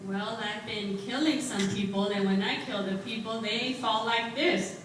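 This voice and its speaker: A woman playing a cocky giant male warrior in a live church skit, talking in a dry, deadpan way. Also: on the high side, a little slow. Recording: echoey hall, distant mic, noisy.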